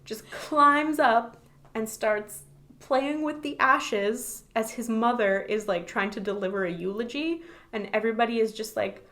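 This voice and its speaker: A woman's voice: a little high, measured pace, a bit bright. A woman co-hosting a podcast, talking casually about a book and laughing often. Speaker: podcast co-host.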